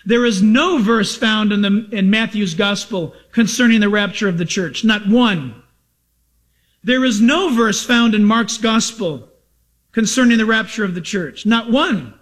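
Pastor guy preaching, really high voice, punchy and repeats himself a lot. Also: measured pace, fairly bright tone. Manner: emphatic, repetitive preaching with rhetorical questions. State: over-caffeinated, excited. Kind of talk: sermon.

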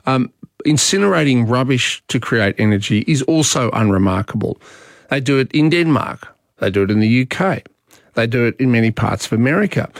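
A man's voice: medium pitch, no room sound. An Australian man hosting a talkback radio show, chatty and opinionated, speaking into a studio microphone. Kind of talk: talkback radio monologue and calls.

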